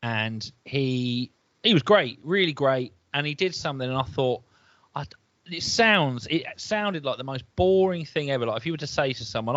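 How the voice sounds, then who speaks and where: A comedian from England co-hosting a podcast over a video call, rambling through stories and acting out quotes in high voices. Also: male voice, animated, normal speed, fairly bright tone, dry recording. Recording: muffled, dry call audio.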